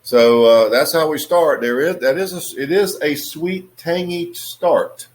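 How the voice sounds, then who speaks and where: A man casually reviewing a cigar on his video channel, in a relaxed, musing way with many fillers. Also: on the high side, unhurried.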